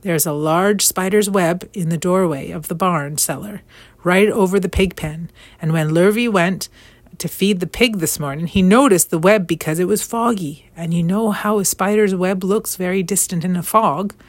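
A woman voicing a stunned middle-aged farmer who speaks gravely and insistently, in a storybook reading. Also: fairly low pitch, moderate pace, no room sound, close to an everyday voice. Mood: awed insistent.

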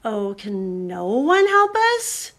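Tender little girl, soft sad near-whisper, storybook, voiced by a woman. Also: fairly high pitch, lively intonation, measured pace, pitched above the performer's own voice. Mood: miserable. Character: small tender-hearted girl, youngest sister.

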